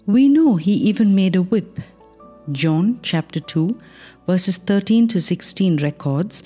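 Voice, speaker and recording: A woman reads a short Christian devotional in a calm, earnest, measured voice. Her tone is mellow and sits a little low. Soft music plays faintly behind her. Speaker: devotional reader. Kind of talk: read devotional.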